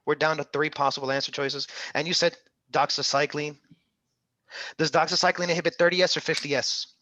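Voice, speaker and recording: A man's voice: fairly high pitch, flat delivery, brisk, bright, forceful tone, dry recording. A man tutoring an interactive online medical exam class, upbeat and coaxing, calling on students by name.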